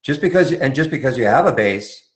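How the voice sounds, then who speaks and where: A man from Montreal talks casually through a live trading-room session. He answers viewer questions in a relaxed, conversational way, often restarting his sentences. His voice sits at a middle pitch. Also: fairly quick. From Montreal, Canada.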